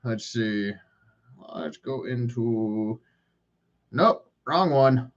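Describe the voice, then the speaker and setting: A man's voice: mid-range voice, very slow, dull audio. A man in his forties hosting a solo podcast, rambling through profane, self-mocking rants. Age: 40s. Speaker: podcast host.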